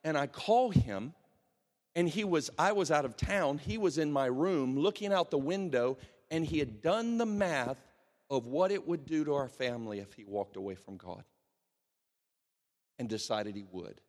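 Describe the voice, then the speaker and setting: A middle-aged man preaching a sermon, swinging between hushed and loud passages. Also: on the high side, lively intonation, normal speed. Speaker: pastor. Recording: long hall reverb.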